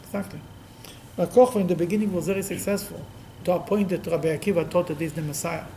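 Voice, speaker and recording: Rabbi teaching a Talmud class, man, animated, acts out quotes, restarts often, faint noise behind. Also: high voice, quick pace, low-quality recording.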